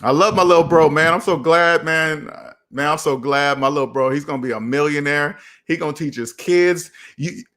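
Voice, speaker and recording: A young man talks casually with his viewers, animated and repetitive in a preachy way. His voice sits somewhat high for a man. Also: normal speed, hardly any pauses. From United States. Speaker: finance channel host. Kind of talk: casual live chat.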